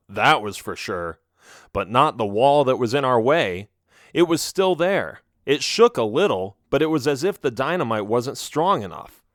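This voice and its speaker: Expressive male audiobook narrator. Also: mid-range voice, dry recording, clean studio sound. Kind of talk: first-person audiobook narration.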